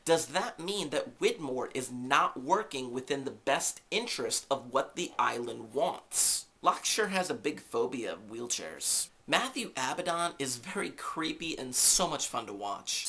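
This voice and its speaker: A man hosting a podcast, giving a casual recap of a TV episode with lively, jokey asides and rhetorical questions. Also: medium pitch, unhurried, hardly any pauses. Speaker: podcast host.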